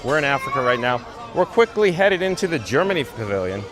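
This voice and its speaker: A man's voice: medium pitch, sing-song, fast talker, music in the background. A man hosting a livestream while walking outdoors through a theme park, reading viewer comments aloud in a chatty, upbeat way. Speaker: livestream host.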